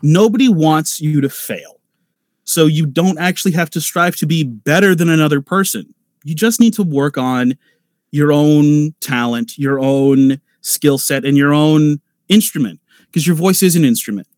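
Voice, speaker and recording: A man's voice: fairly high pitch, moderate pace, darkish tone, no echo, clean studio sound. A man who is a voice actor giving casual advice on a convention panel, rambling with lots of fillers and restarts. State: nervous at first panel.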